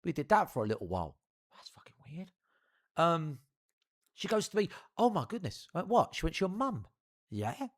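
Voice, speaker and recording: A man's voice: fairly high pitch, big pitch swings, moderate pace, long pauses. A young man telling a rambling, profane story to his live stream audience.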